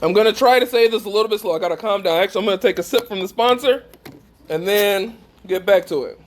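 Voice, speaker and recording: A man's voice: high voice, fast talker. A man giving a preaching talk to a live group, emphatic and putting questions straight to his listeners. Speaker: speaker at a faith gathering.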